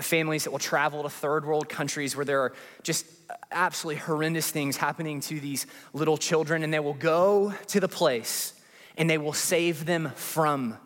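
A man preaching a sermon as a pastor in a church, swinging from hushed pleading to rising, repeated refrains. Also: on the high side. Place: church sanctuary. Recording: long hall reverb with faint music.

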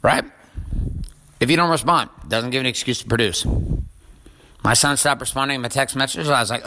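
A man's voice: mid-range voice, a little fast, pauses often, bright, forceful tone. A middle-aged man hosting a motivational show, ranting bluntly and profanely with lots of driving repetition. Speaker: podcast host and coach. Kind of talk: intense motivational rant.

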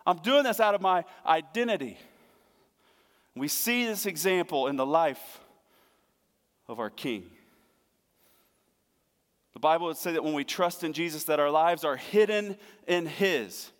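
A middle-aged man preaching a sermon as pastor, earnest, moving between hushed tender lines and emphatic raised passages. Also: on the high side, animated, a little slow, long pauses. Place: church sanctuary. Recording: long hall reverb.

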